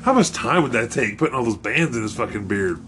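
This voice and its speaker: A man's voice: medium pitch, animated, fairly bright tone, a little hiss or hum. A man in casual comedic conversation, reacting with easy agreement, laughter and swearing. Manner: laid-back, swearing, quick agreeing backchannels.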